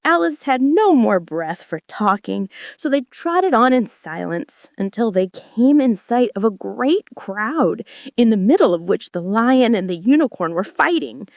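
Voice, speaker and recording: A woman reading a children's book aloud as a gentle bedtime story, voicing the characters. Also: big pitch swings, unhurried, no room sound, studio quality. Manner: gentle, acts out voices with wide pitch swings. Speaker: narrator.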